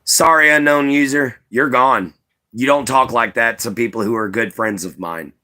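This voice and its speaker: A man chatting casually to viewers on a live stream, rambling and relaxed, with lots of "you know" and "man". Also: medium pitch, normal speed. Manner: laid-back, rambling, says "you know" and "man" a lot.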